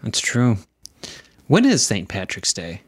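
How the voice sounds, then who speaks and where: A man's voice: lowish voice, wildly swooping pitch, slow pace, husky, dry recording, clean studio sound. A young man co-hosting a podcast, chatty and joking, laughing often. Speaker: podcast co-host. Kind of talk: casual chat.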